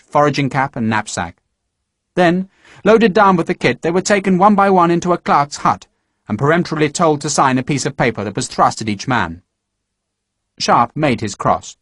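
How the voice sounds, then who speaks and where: A man narrating an audiobook in a measured, expressive storytelling manner, recorded close to a studio microphone. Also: mid-range voice, no echo. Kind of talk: scripted narration.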